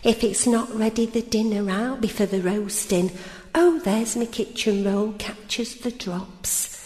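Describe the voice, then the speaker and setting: A woman's voice: fairly high pitch, unhurried, warm tone, lightly acted. A woman doing a chatty village cafe lady. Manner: cheery rhyming patter, says "me" for "my". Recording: roomy hall with long reverb.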